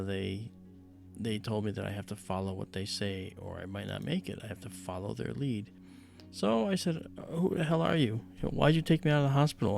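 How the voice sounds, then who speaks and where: With a fairly low, gravelly voice, a man hosting a livestream shares a personal anecdote casually and with animation. Along the way he acts out the voices of the people in the story.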